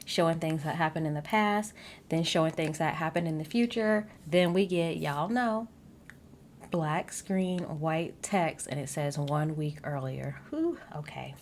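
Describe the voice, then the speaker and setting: A woman's voice: low voice, a little slow, a little hiss or hum. Sassy woman recapping reality TV. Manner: sassy, animated, talks straight to viewers with asides. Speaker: recap vlogger.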